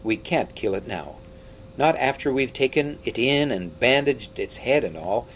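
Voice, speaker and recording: A man reading aloud, voicing a brisk, indignant male dwarf who exclaims sharply. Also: mid-range voice, expressive, a little hiss or hum, close to an everyday voice, rough recording. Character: hot-tempered but decent male dwarf.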